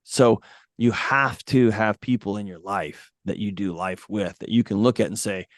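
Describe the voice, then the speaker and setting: A man's voice: fairly low pitch, moderate pace, dry recording, clean studio sound. A man talking as a podcast guest, giving blunt, emphatic advice in a casual way. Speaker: podcast guest, mental health author.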